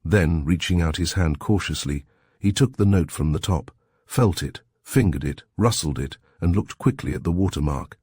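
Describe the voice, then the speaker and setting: A man reading a story aloud in measured, even narration. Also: deep voice, slightly rough, no echo, studio quality. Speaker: audiobook reader. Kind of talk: scripted narration.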